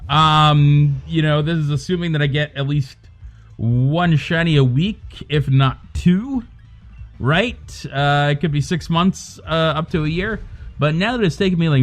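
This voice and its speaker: Animated, swearing male streamer ranting. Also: a little high, faint music behind. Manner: animated, swearing, quick rants. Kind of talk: casual live-stream chat.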